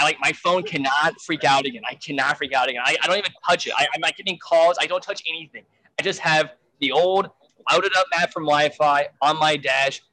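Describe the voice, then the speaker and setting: A man's voice: fairly high pitch, bright, forceful tone, rough recording. A man telling a frantic story in a casual way, full of fillers and swearing. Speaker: guest storyteller.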